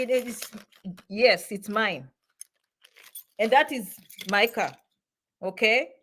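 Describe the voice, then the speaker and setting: A woman's voice: fairly high pitch, fairly bright tone. A middle-aged woman hosting an immigration advice live stream, talking emphatically to her viewers, repeating herself and breaking off for affectionate asides. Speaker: immigration advice channel host.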